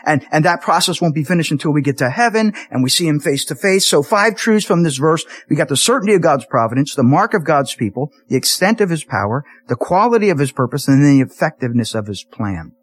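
A man preaches to his congregation with a slightly raised, husky voice. He jumps between serious points and jokey asides, stumbling and restarting as he goes. His pitch rises and falls widely. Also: fast, hardly any pauses. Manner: animated, jokey storytelling with many restarts. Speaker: pastor. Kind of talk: sermon. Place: church sanctuary.

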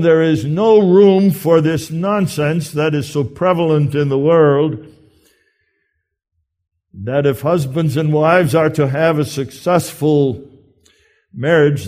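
A man preaching a sermon in an earnest, emphatic way with deliberate pauses. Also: fairly high pitch, darkish tone.

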